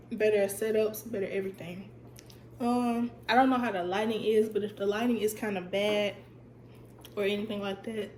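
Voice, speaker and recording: A woman's voice: medium pitch, echoey room, a little hiss or hum. A young woman telling a storytime on her vlog, chatty and emphatic, her voice a bit stuffy and cutting in and out. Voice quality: voice sounds stuffy, cuts in and out. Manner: chatty, animated, emphatic repetition. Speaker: vlogger.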